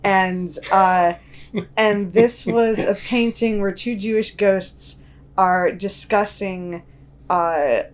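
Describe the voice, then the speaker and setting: A young woman talking casually in an interview, chatty and full of "like" fillers and restarts. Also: fairly low pitch. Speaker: guest artist and cartoonist.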